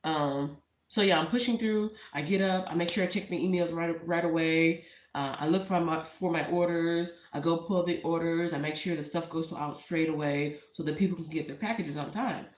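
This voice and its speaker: A woman's voice: sits low, normal speed. A woman with a Texan accent chatting casually and rambling to live viewers about her small online business, speaking into a tablet on a shelf at home. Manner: chatty, rambling, talks to viewers and her cat between thoughts. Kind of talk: casual live-stream chat. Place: home room. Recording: echoey room on a tablet mic.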